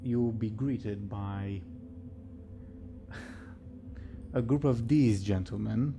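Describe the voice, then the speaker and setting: Slow, gravelly game master. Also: male voice, fairly low pitch, warm tone, slight background noise. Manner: chuckling, trailing off and muttering asides. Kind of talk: running a tabletop game online.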